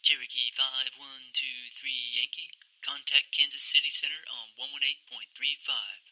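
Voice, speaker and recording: A man's voice: medium pitch, fairly even intonation, normal speed, crowd noise, lightly acted, poor audio. A man voicing an air traffic controller and a pilot in a put-on British accent, using clipped, formal radio phrasing. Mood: crisp, formal.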